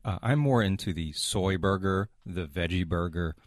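Deadpan guy, lowish voice, dry understated comebacks, close dry mic. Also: normal speed, dry recording. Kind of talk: comedy sketch banter.

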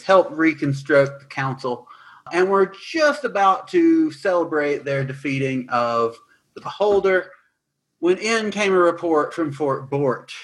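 A man narrating as dungeon master, recapping and describing scenes in a lively way with some fillers. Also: a little high. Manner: animated, quick recaps with fillers. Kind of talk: tabletop game narration.

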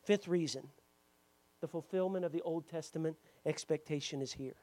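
In church, a man delivers a sermon to his congregation, shifting from quiet explanation into loud, fervent preaching and calling out members by name. His pitch is fairly high and his pace moderate.

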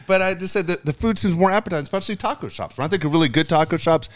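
A middle-aged man co-hosting a podcast, telling stories in animated, profane casual chat. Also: sits high, very fast, no echo. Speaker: podcast co-host, father.

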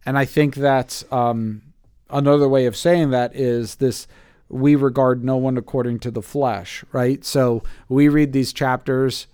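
A man's voice: medium pitch, steady tone, a little slow, a little mellow, clean tone, dry recording, studio quality. A man hosting a casual Bible study podcast, reading scripture and then talking it through, thinking aloud with fillers and restarts. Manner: thoughtful, with many fillers and restarts. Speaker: podcast host.

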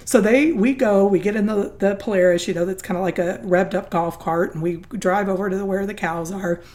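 A middle-aged woman from Southern California, a guest telling an earnest, animated story in an interview. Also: mid-range voice, brisk. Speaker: guest, nonprofit founder.

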